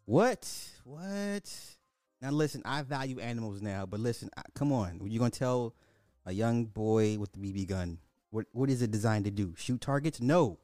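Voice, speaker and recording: Animated man telling stories. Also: lowish voice, a little fast, dry recording, studio quality, faint music behind. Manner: animated storytelling, laughs often, swears. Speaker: podcast host. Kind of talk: casual chat.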